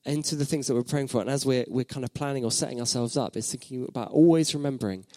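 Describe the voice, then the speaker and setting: A man's voice: mid-range voice, fast, noisy background. Reflective male pastor preaching. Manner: reflective, repeats phrases for emphasis, asks the listeners questions. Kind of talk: sermon.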